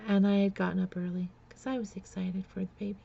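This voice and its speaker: Woman with a gravelly fry in her voice, stop-start storytelling, muffled lo-fi sound. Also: mid-range voice, level tone, dark tone. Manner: halting, with many fillers and restarts; emotional, close to tears at times. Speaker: vlogger. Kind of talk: personal storytelling.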